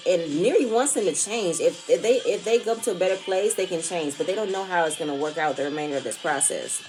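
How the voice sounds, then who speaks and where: Low-voiced woman recapping a show. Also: fairly quick, a little mellow, faint music behind. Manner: rambling, restarts phrases, emphatic and opinionated. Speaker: reality TV recap vlogger. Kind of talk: casual spoken commentary.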